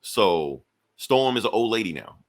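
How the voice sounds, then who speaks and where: A man casually reviewing a comic book, animated and acting out scenes with quick voices. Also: on the low side.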